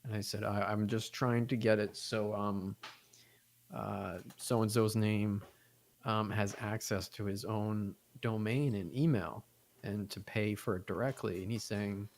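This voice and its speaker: Young guy, lowish voice, rambly profane podcast storytelling. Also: unhurried. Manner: rambling, profane, animated retelling with quoted voices. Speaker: podcast co-host. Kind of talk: casual storytelling chat.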